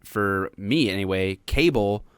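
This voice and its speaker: A man's voice: lowish voice, expressive, a little slow, smooth, no echo, clean studio sound. An American man hosting a live-streamed talk show, chatting casually and jokingly with plenty of fillers. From United States. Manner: rambling, jokey, lots of fillers.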